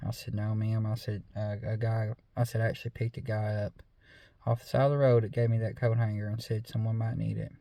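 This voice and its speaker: A man's voice: on the low side, level tone, brisk, creaky, warm tone, no echo. Easygoing drawling man. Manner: easygoing, drawling, lots of fillers and 'I said'. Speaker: storyteller. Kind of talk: casual spoken storytelling.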